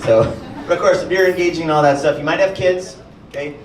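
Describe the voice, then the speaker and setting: A man performing a stand-up comedy set, telling stories with lots of animation and acting out other people in high voices. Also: fast. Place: comedy club stage with audience. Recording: echoey club, far-off mic, audience noise.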